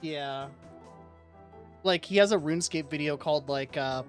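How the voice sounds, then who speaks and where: Faint music accompanies a man whose voice is a little high as he rambles at a moderate pace on his livestream, telling lively stories stuffed with "like."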